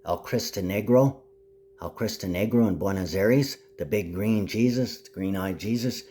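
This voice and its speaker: Man in a grandiose rambling rant, low voice. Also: normal speed, slight background noise. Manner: swings between muttering and loud declaring. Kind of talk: rambling solo monologue.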